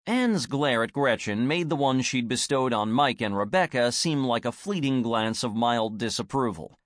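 A man narrating an audiobook in an expressive storytelling manner. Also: medium pitch, moderate pace, few pauses, no room sound, clean studio sound. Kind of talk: scripted narration.

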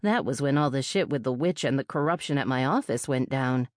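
A woman's voice: very deep voice, expressive, a little fast, dry recording, studio quality. A woman reading a first-person urban fantasy audiobook in a wry, sardonic way. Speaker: audiobook narrator. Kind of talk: first-person fiction narration.

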